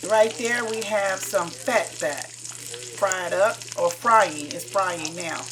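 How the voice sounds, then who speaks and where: A woman in her 60s from Carolina in the US narrates her home cooking video in a mid-range voice. She's homey and folksy in her grammar and tends to repeat herself. There's a lot of noise in the background.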